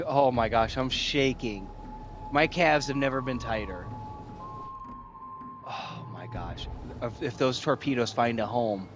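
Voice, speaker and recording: A man hosting a gaming video in casual commentary, thinking aloud and breaking into repeated excited exclamations. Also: mid-range voice. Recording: faint music behind the voice.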